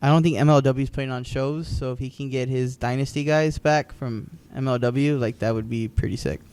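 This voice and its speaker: A man's voice: medium pitch, fairly even intonation, a little fast, darkish tone, clear, resonant tone. A man co-hosting a podcast, recapping wrestling matches in casual, rambling chat with frequent ums and restarts. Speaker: podcast co-host.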